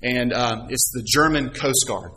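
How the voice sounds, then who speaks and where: A man's voice: medium pitch, a little slow, pushed and bright, breathy edge, rough recording. Middle-aged man preaching a sermon. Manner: storytelling with rhetorical questions and scripture readings. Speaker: pastor.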